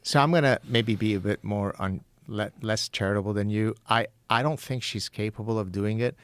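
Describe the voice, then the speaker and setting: A middle-aged man, a professor and podcast guest, telling a story in animated, frank conversation with quick self-corrections. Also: on the low side, clear, resonant tone, no echo.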